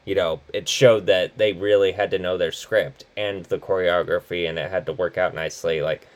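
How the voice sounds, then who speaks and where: A man co-hosting a casual movie podcast, relaxed, often laughing and swearing offhandedly. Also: sits low, moderate pace. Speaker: podcast co-host. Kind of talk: casual movie review chat.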